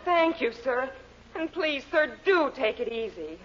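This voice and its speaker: A woman's voice: high-pitched, sing-song, measured pace. A woman playing a polite, fretful secretary in 1940s radio comedy acting. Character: fussy, worried female secretary. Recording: dull 1940s radio broadcast, hiss.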